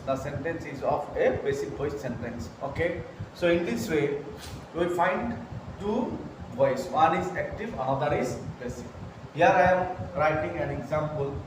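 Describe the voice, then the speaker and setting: A man teaching an English grammar lesson, talking slowly and repeating phrases, often saying "okay" while writing examples. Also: a little high. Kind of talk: slow grammar lesson at a whiteboard. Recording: very echoey room, mic far off, noisy.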